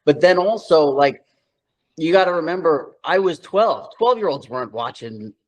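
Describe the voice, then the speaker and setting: A man's voice: a little high, expressive, moderate pace, a little mellow, low-quality recording. A man in his thirties from New York, telling loose, slangy stories as an interview guest, with lots of filler words. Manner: loose, slangy storytelling full of "like". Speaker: guest, actor. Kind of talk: casual interview chat.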